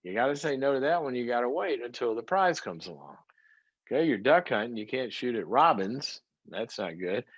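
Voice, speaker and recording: A man's voice: medium pitch, big pitch swings, moderate pace, breathy edge, no room sound, dull audio. A middle-aged man giving a conversational teaching talk, folksy and full of rhetorical questions and everyday examples. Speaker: psychologist and speaker.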